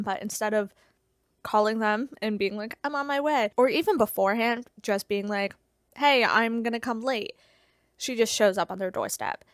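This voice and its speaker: A woman's voice: medium pitch, no echo, studio quality. A young woman, a book reviewer, casually summarizing a novel's plot and quoting the characters in her own voice.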